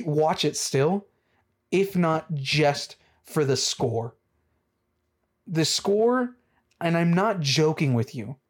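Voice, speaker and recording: A casual movie review vlogger who rambles with frequent restarts and fillers like "like" and "dude", and swings up into animated bursts. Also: mid-range voice.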